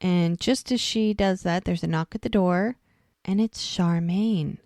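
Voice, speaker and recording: A woman's voice: lowish voice, unhurried, darkish tone, dry recording, studio quality. Chatty woman retelling a TV episode. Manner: retells scenes by quoting characters, lots of "she's like". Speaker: podcast co-host recapping a TV episode. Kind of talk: casual recap chat.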